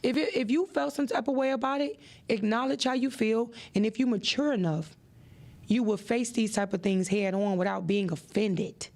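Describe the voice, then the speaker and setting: Woman host with a gravelly edge, preachy and animated. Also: normal speed. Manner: animated and preachy, with expressive rises in pitch. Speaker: podcast host. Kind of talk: motivational podcast talk.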